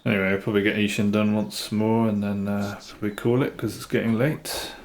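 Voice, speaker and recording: Deep-voiced British man streaming a game. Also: little pitch movement. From Britain. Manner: unhurried, chatty, answers chat with dry humour. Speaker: live streamer. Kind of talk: casual live gameplay commentary.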